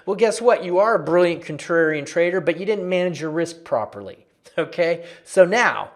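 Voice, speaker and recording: A man walking viewers through trading charts in a lively, conversational lesson, often repeating phrases for emphasis. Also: on the high side, moderate pace. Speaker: trading educator.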